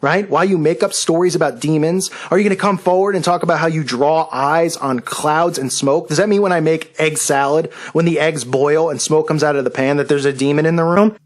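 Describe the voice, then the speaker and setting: A man's voice: on the high side, brisk, few pauses. A man hosting his own channel, delivering a combative, sarcastic rant at a rival. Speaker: video channel host. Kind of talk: angry rant video.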